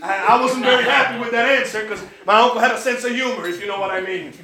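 Male preacher, high and bright, lively storytelling sermon, roomy echo. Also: fast. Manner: animated storytelling, acts out quoted voices. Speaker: pastor. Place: church.

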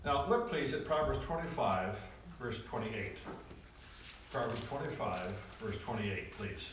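A man preaching a sermon to a congregation, folksy and animated, repeating phrases for emphasis. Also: medium pitch, unhurried, noisy background. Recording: roomy echo, distant from the mic.

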